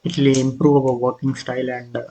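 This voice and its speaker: Hesitant man with a flat delivery. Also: medium pitch, lo-fi sound, slight background noise. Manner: hesitant, halting, with frequent fillers and restarts. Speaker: presenter of his own app prototype. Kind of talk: casual screen walkthrough.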